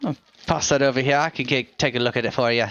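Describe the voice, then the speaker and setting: A courteous elf smith who speaks softly and lower than usual, bowing to his customers in every phrase, as a man plays him. The recording sounds dull and lo-fi. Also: steady tone, fast, clean tone, lightly acted. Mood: obliging. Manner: deferential, soft-spoken. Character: polite male elf blacksmith, smooth and courteous.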